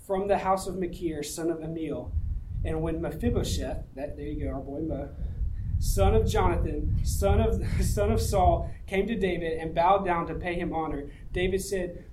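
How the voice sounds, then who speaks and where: A man's voice: fairly high pitch, normal speed, noisy background. A man preaching a sermon, reading scripture and explaining it in a conversational way, asking the audience rhetorical questions. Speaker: pastor.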